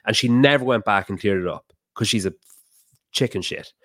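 A man talking as a podcast guest, telling a heated story fast and swearing often. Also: on the low side, a bit bright, dry recording, clean studio sound. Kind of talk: casual podcast chat.

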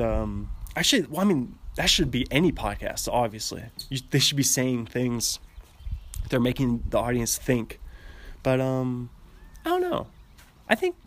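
A young man talking casually on a podcast, rambling and chatty, laughing often and restarting his sentences. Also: mid-range voice.

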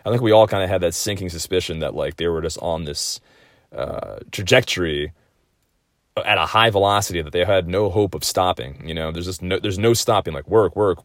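A man in his thirties with a deep voice delivers a brisk, casual comedic monologue at home as a podcast host. He rambles and swears, his delivery swinging wildly and staying animated. The recording is dry and studio quality.

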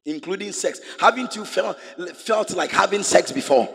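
A man preaching in a husky, high voice that leaps up and down as he presses the congregation with the same questions again and again. His sermon rings out through a large hall with a long reverb trailing each phrase. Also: lively intonation, moderate pace. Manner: emphatic, repeats rhetorical questions to the congregation. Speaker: pastor.

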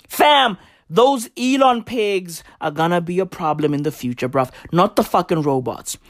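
A comedian delivering a rant full of street slang and swearing, often jumping up into shouts. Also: medium pitch, moderate pace, no echo, clean studio sound. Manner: slang-heavy, profane, animated swings into shouting.

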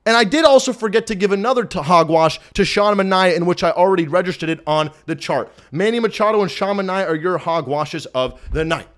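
A man hosting a fan postgame livestream, hyped and shouting, with loud cheering bursts, recorded at home. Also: high voice, brisk, few pauses. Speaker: fan postgame show host. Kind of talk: excited livestream recap. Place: his apartment.

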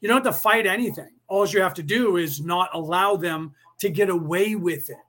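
A man's voice: sits high, moderate pace, a bit bright. A man hosting a podcast, talking casually and conspiratorially to his listeners, with many restarts and fillers. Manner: rambling, conspiratorial, addresses listeners directly. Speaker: podcast host. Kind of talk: casual live-stream monologue.

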